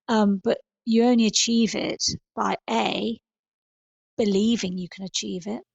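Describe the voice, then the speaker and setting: A middle-aged woman speaks as a podcast guest, stopping and restarting often as she thinks aloud. Her voice is gravelly and husky. The recording is dry and a little dull. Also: medium pitch, fairly even intonation, no echo. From England. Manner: thoughtful, halting with many fillers and restarts. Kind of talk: podcast interview.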